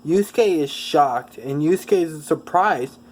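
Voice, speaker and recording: A man with a voice pitched a bit high tells an improvised fan story aloud. He rambles along, often restarting and correcting himself mid-sentence. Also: animated, takes it slowly, darkish tone. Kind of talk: improvised fan-fiction narration.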